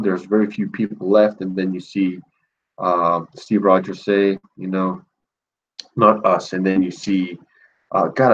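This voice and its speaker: A man hosting a casual thank-you stream, speaking in a groggy morning voice and rambling with many fillers and pauses. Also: fairly low pitch, a little mellow, lo-fi sound, a little hiss or hum. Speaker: channel host.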